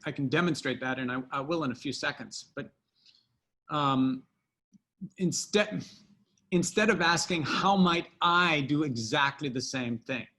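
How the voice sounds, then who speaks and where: A man who wrote a book, from the United States, answering at length in an interview with emphatic pauses and restarts. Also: a little high, a bit bright. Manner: emphatic, drawn-out, many restarts. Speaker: podcast guest, author.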